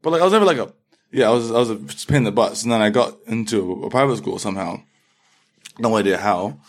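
A man's voice: fairly low pitch, fast talker. A young man from London with a London accent, telling his story as an interview guest and animatedly acting out quotes. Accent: London English. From London, England. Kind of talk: casual interview chat.

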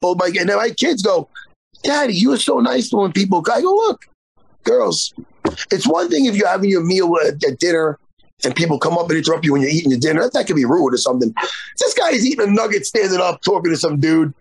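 Gravelly animated man in his forties. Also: high voice, fast talker, no echo. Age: 40s. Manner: animated storyteller, swears freely. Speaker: jiu-jitsu instructor. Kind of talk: casual podcast chat.

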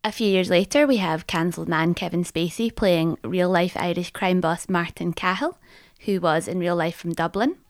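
Woman narrator, scripted voice-over, wry, gravelly, dry sound. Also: on the low side, normal speed, no echo. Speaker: presenter.

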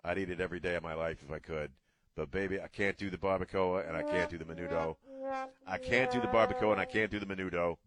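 A man's voice: sits low, steady tone, quick pace, a loud crowd. A middle-aged man hosting a radio talk show, ranting bluntly in a casual way and cursing freely.

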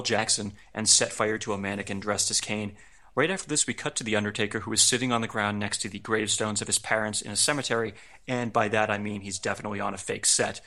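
A man hosts a chatty podcast and walks through events in an easy, amused tone. His voice sits a little low but comes across bright and forceful. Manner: recaps events in a relaxed, amused tone with frequent laughs. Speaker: podcast host. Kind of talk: casual wrestling recap chat.

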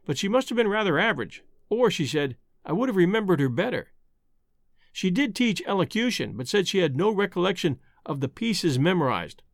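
A man's voice: fairly high pitch, dry recording, clean studio sound. A man narrating a scripted account in a pointed, sardonic way.

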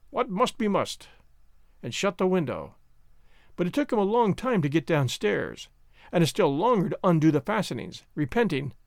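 A man narrating a novel chapter in measured storytelling. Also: fairly high pitch, no room sound, studio quality. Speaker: audiobook narrator. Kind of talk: scripted narration.

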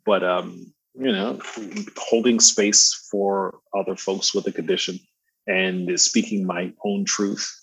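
Gravelly low baritone man, casual. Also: expressive, takes it slowly, no echo, low-quality recording. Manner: slangy and laid-back, laughs often. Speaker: podcast guest. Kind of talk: casual conversational storytelling.

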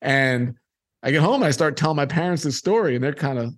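A man's voice: on the high side, expressive, quick pace. A middle-aged man telling a personal childhood story and acting out the people in it.

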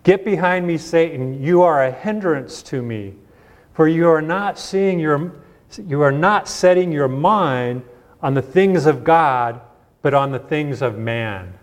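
A man's voice: fairly high pitch, measured pace. A man preaching a sermon in a conversational way, asking rhetorical questions and often restarting his sentences. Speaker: pastor.

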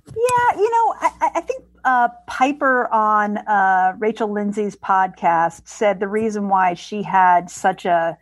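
A woman in the middle pitch range chats as a podcast guest. She circles her points with fillers and restarts. The recording is dry and close. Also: animated, slow pace, dry recording. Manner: hesitant, full of fillers and restarts. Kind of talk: casual chat.

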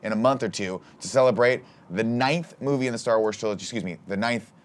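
A man co-hosting a comedy podcast, riffing jokes and reading out supporter shout-outs. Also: mid-range voice, fast talker. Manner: joking, riffing, reads sponsor plugs. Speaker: podcast co-host. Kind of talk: casual comedic chat.

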